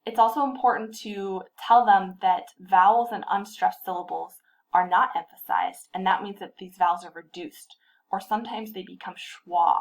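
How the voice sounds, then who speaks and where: Woman explaining a tutor tip, calm and clear, says example words slowly and carefully. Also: medium pitch, rough recording. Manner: clear, patient teacher modeling word stress slowly. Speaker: literacy tutor trainer.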